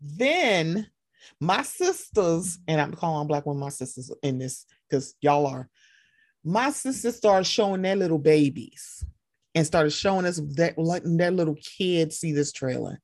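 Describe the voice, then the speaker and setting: A young woman co-hosting a podcast, chatting casually and animatedly, often jumping into excited quoted voices. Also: unhurried, no room sound, clean studio sound. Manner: animated, jumps into high excited voices when quoting. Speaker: podcast co-host. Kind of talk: casual chat.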